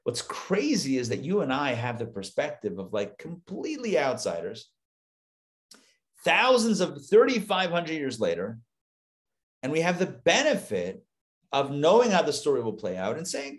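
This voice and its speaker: Rabbi guy teaching torah live, kinda high voice, acts out the lines, chatty. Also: normal speed. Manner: animated storytelling, acts out the biblical lines, chatty asides.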